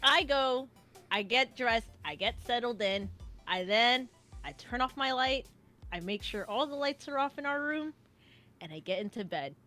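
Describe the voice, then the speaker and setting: High, lively woman telling a story. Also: unhurried, faint music behind. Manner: animated, swears freely, acts out quotes. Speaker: guest co-streamer. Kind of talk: casual storytelling chat.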